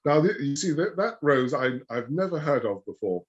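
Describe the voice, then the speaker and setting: A man speaking as a rose expert in a casual chat, hesitant with many fillers, often trailing off softly. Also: a little high, very animated, moderate pace, lo-fi sound, slight background noise. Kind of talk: casual video-call chat.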